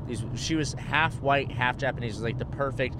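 A man's voice: mid-range voice, a little fast. A young man chatting casually and crudely, laid-back, saying "bro" often. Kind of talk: casual chat. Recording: car and street noise behind.

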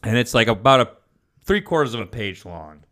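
A man's voice: medium pitch, big pitch swings, a little fast, fairly bright tone. A man co-hosting a podcast, telling a long rambling anecdote in casual chat, full of fillers and laughter. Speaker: podcast co-host.

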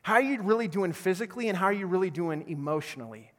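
A fairly high-pitched man preaching to a congregation, urging them to answer back before easing into gentle, earnest passages. His voice rings with the long reverb of a big church hall. He sounds middle-aged, a seasoned pastor. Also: fast. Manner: energetic, calls for audience response, drops to soft earnest tone. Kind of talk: sermon.

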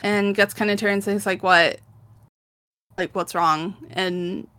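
A woman's voice: mid-range voice, slow. A young woman in casual chat, animatedly retelling a manga story with lots of laughter and acted-out lines. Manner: animated storytelling, acts out characters' lines, frequent laughter and fillers. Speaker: podcast co-host recapping a manga.

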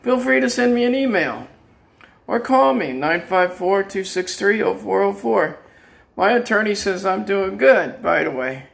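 An older man with a gravelly voice delivers a rambling monologue, and it sits a little high for a man. He sounds defiant and taunting, and he keeps slipping into laughter as he goes. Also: expressive, measured pace, fairly bright tone. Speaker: vlogger.

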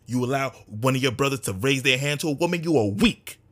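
A man's voice: medium pitch, quick pace, sharp tone. A man giving an impassioned monologue to his community, fervent and repetitive, swinging between raised emphasis and near-whispers. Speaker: speaker addressing his community.

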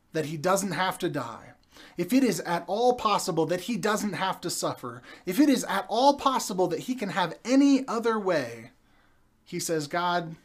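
Man preaching a slow, story-led sermon. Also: high-pitched.

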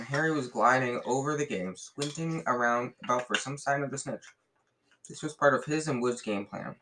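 A man reading a novel aloud in a lively way, often slipping and restarting words. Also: mid-range voice, moderate pace, slight background noise, low-quality recording. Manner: lively, with frequent slips and restarts. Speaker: reader.

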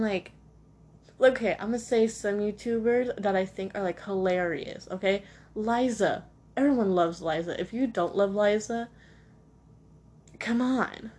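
A woman's voice: mid-range voice, darkish tone, slightly rough. Rambling young woman podcaster. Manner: rambling, self-deprecating, heavy on fillers. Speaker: podcast host. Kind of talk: casual solo chat. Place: at home next to a cat.

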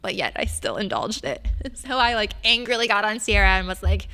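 A woman's voice: medium pitch, expressive, fairly quick, gravelly, hardly any pauses, bright, forceful tone. A young adult woman, a librarian, chatting enthusiastically about books with self-mocking humor. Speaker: librarian and podcast host. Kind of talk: casual chat about books.

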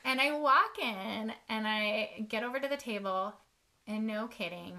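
Bright, chatty woman storyteller. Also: on the high side, measured pace. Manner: chatty, self-mocking storyteller, laughs often. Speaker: podcast co-host, author. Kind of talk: casual chat.

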